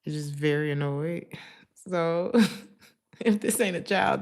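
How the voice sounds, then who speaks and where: A woman with a fairly low, unhurried voice gives her viewers a casual tarot reading. She's chatty and slangy, often laughing between her thoughts.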